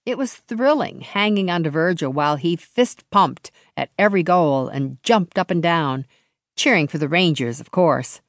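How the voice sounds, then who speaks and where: A woman narrating a novel in the first person, with a measured, expressive storytelling delivery into a close studio mic. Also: on the low side, dry recording. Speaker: audiobook narrator.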